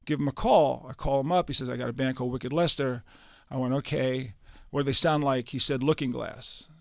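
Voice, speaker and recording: A man's voice: medium pitch, a little fast, vocal fry, dry recording, studio quality. An older man, a radio interview guest who tells stories animatedly and acts out the dialogue. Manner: animated storyteller acting out quoted dialogue. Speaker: guest musician. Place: radio studio.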